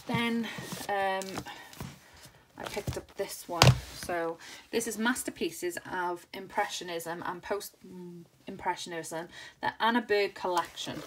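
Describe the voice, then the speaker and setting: Chatty woman in her thirties, low voice. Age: 30s. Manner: chatty, rambling, enthusiastic with many fillers. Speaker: crafting channel host. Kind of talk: casual haul video chat. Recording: noisy home recording.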